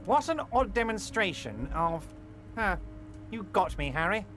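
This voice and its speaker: An actor voicing a large, smooth-talking male union boss in a game who reassures in an oily, falsely friendly way. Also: sits high, very animated, measured pace, fairly bright tone, soft background music, full character voice. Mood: oily reassuring. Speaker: game character voice.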